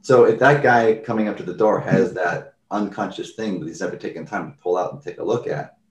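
Low-voiced man in an echoey room. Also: a little fast, recorded from a distance. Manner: animated storyteller, acts out quoted reactions. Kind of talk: casual conversational talk.

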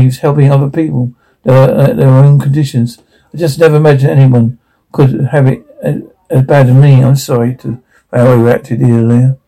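Gravelly husky man reading captions. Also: medium pitch, warm tone, rough recording. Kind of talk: reading subtitles and sound captions aloud.

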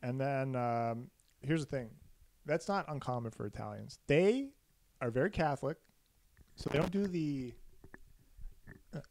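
A man hosting a casual chat show, telling a story in a joking, animated way. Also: mid-range voice, a little slow, creaky, pauses often. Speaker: podcast host.

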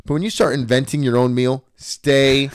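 A man's voice: medium pitch, fast, dry recording, studio quality. A man in his thirties, a podcast host, chatting casually and bluntly, telling stories and acting out other people's voices. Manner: blunt, animated storyteller doing voices of others.

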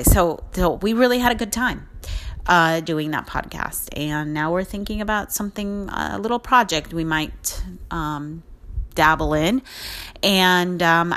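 A woman's voice: low-pitched, fairly bright tone. A middle-aged woman hosting a podcast, talking in an earnest, encouraging way and rambling with restarts. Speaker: podcast host. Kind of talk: casual motivational monologue.

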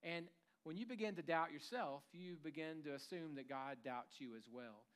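A man's voice: fairly high pitch, normal speed, a bit bright. A man preaching a sermon in a church, conversational and humorous, acting out bits of everyday dialogue. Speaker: pastor.

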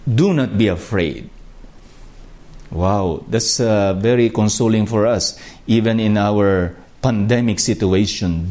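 A man's voice: on the low side, a little mellow. A man with a Filipino accent preaching a sermon, reflective and emphatic on key phrases. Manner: slow, reflective, with rising emphasis on key words.

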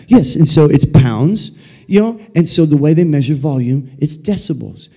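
A man preaching in a church sanctuary, animated and playful, often calling on the congregation to repeat his words. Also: a little high, moderate pace, vocal fry, slightly rough. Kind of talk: energetic sermon with call-and-response.

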